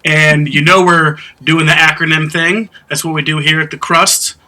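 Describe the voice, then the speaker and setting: Bright-voiced animated podcast host, man. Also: a little high, normal speed. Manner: animated, laughs often, acts out quotes loudly. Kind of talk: casual podcast chat.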